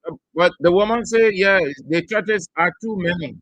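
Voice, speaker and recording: A radio host takes callers with short, brisk replies. His voice sits high and sounds bright. It is close and dry. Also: no echo. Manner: brief, businesslike replies. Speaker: radio talk show host. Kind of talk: radio call-in hosting.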